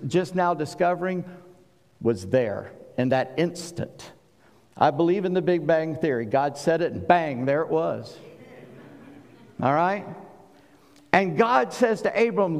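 A man from South Carolina with a Southern accent, preaching a sermon and swinging between booming and hushed delivery. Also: big-room sound. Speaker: pastor.

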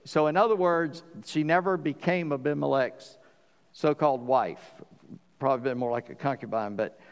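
A man preaching a sermon as pastor, lively and animated, acting out the voices in the story. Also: medium pitch, moderate pace, clean tone, in a large hall.

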